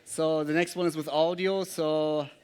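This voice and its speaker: A man gives a live presentation, walking his audience through slides. His voice sits a little high and comes across smooth and clear, and he pauses often as he explains and invites questions. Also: steady tone, a little mellow.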